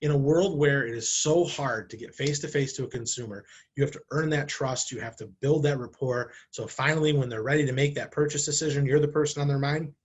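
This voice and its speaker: Man, husky voice, casual explainer to camera, rhetorical questions, acts out quick examples. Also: medium pitch. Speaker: marketing director. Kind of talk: talking-head marketing video. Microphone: camera, speaking to camera.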